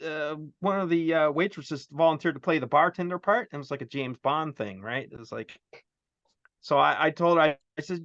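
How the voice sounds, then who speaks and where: A man chatting casually as co-host, telling stories in a rambling, animated way with many restarts. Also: on the high side, brisk, no echo, highs cut off. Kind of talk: casual chat.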